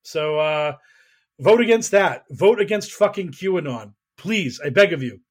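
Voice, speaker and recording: High-voiced man ranting on a podcast. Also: animated, unhurried, breathy edge. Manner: emphatic, profane, exasperated ranting; calls own voice whiny. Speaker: podcast host. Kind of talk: political podcast rant.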